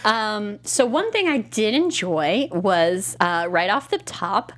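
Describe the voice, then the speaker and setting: A woman's voice: medium pitch, very animated, slow, fairly bright tone. Rambling woman podcast co-host. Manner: rambling, full of fillers and restarts, laughs easily. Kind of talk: casual chat recapping a TV show. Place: recording studio.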